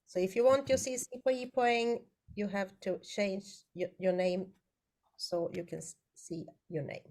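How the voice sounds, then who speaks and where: A woman, the event's technical assistant, giving practical instructions in a halting, repetitive way over a video call. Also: medium pitch, fairly even intonation, darkish tone.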